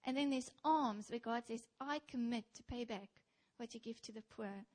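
A young South African woman preaches a church sermon at normal speed, her voice on the high side. She tells stories with animation and speaks straight to the congregation.

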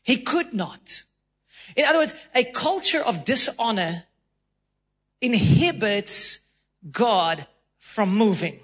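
A man's voice: sits high, animated, takes it slowly, pauses often, fairly bright tone, husky. A South African man preaching a sermon as a pastor in a church, emphatic, acting out little voices and laughing.

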